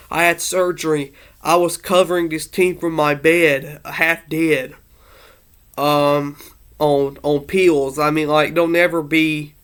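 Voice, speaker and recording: A man speaks in a loose, heartfelt monologue, circling back and restarting his sentences. He sounds a little emotional. His voice sits a bit high and comes through smooth and clear. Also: fairly bright tone. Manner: rambling, earnest, many fillers and restarts. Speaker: sports fan vlogger.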